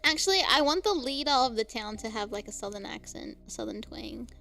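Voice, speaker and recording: High, bright giggly Australian woman. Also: expressive, a little fast, gravelly, soft background music. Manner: giggly, bursts into laughter and squeals. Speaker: streamer. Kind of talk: casual live-stream chat.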